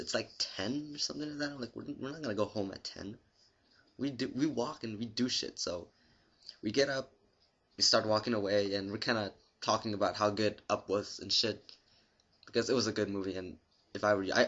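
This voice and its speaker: A young man telling a long story to his camera in a rambling, profane, deadpan way. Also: lowish voice, muffled recording. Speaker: vlogger.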